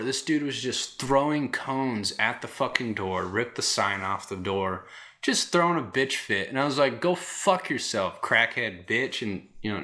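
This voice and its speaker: A man hosting a podcast who tells rambling stories in a casual, animated way and swears constantly. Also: lowish voice. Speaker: podcast host. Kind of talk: casual storytelling.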